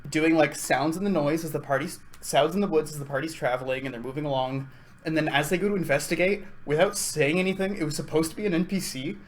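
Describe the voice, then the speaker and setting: Animated man, game master chatting. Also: a little high, quick pace. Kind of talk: casual podcast chat.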